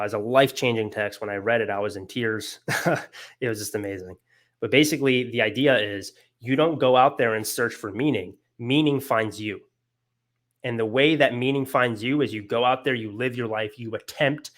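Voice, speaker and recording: A man's voice: mid-range voice, fairly bright tone. A young man giving a casual philosophy lecture, earnest and emotional, with many fillers and restarts.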